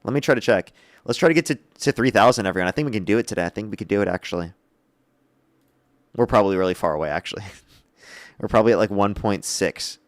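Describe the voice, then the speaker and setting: A man's voice: on the low side, quick pace, no room sound, studio quality. A man hosting a live-streamed debate, casual and teasing in manner. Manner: casual, teasing, laughs between lines. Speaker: livestream debate host.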